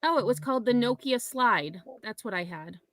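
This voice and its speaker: A woman's voice: on the high side, normal speed, no echo. A woman in her forties chatting casually as a panel guest, telling stories animatedly. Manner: animated storyteller. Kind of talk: casual nostalgic chat.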